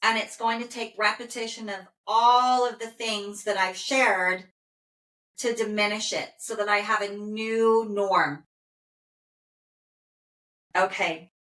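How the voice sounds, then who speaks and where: A woman with a medium-pitched voice works as an animal communicator, calmly and soothingly relaying a dog's messages in the first person. She pauses often with "okay," and the recording has a roomy echo.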